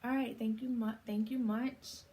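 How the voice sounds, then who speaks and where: A middle-aged woman retelling a story to camera in a chatty, animated way, with many fillers. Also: a little high, normal speed, a little hiss or hum. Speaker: vlogger.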